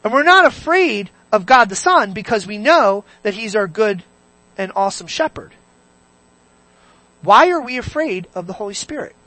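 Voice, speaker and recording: A preacher delivering an animated sermon, firing questions at the congregation and swinging between loud bursts and hushed asides. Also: medium pitch, normal speed, no room sound.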